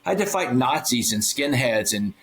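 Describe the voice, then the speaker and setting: A man sits as a guest on a podcast and talks his way through a personal story with conviction. He speaks at a mid-range pitch and acts out the voices of the people in his story. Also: normal speed, rough recording. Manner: earnest, animated storytelling with quoted dialogue. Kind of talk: storytelling interview.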